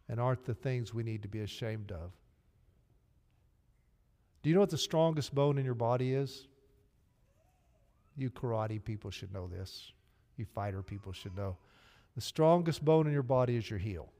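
In a church sanctuary, a pastor from Arkansas with a Southern US accent preaches to his congregation in an earnest, direct way. His mid-range voice is a little mellow. Long hall reverb fills the recording, and faint music plays in the background.

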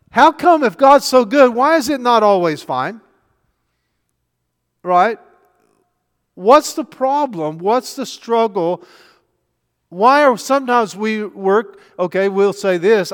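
Older high-voiced man preaching in a hall. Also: lively intonation, unhurried, pauses often. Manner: chatty, asks many rhetorical questions. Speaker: pastor. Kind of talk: conversational sermon. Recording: long hall reverb.

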